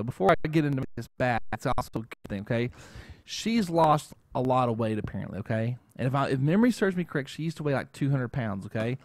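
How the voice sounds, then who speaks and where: A man with a fairly high voice rambles through casual chat as the host, tacking "okay?" onto his points. The sound is dry and close, with no room around it. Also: dry recording. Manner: rambling, keeps adding "okay?". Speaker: show host.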